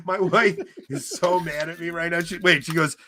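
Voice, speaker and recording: A man in his forties co-hosting a podcast, talking loudly and excitably, joking around in casual chat. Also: on the high side, unhurried. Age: 40s. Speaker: podcast co-host.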